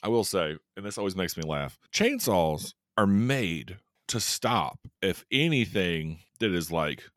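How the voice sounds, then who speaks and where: A man co-hosting a casual movie review show, animated, acting out scenes with quick little voices. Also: low-pitched, dry recording, studio quality. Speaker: podcast co-host.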